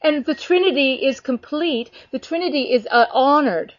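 A woman talking casually about her faith, earnest and animated, filling her talk with "you know.". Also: sits high, moderate pace, no echo. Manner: animated, earnest, many fillers. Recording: dull lo-fi sound.

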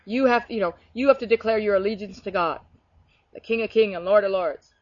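A woman's voice: mid-range voice, a little fast, dry recording. A middle-aged woman from Australia, talking earnestly about faith in a casual chat and telling personal stories with many restarts. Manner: earnest, storytelling, frequent restarts. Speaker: Christian speaker. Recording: dull lo-fi recording.

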